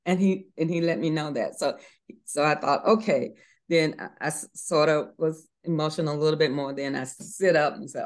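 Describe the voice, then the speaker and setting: A woman's voice: deep voice, normal speed. A middle-aged woman giving an earnest faith testimony in an interview, with fillers and restarts, acting out voices in her story.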